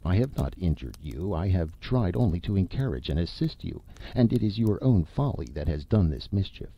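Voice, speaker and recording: A man reading aloud, voicing a polite, persistent male ghost of an uncle who talks in a calm, reasoning way. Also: sits low, moderate pace, husky, muffled recording, exaggerated voice. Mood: reassuring. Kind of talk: audiobook reading.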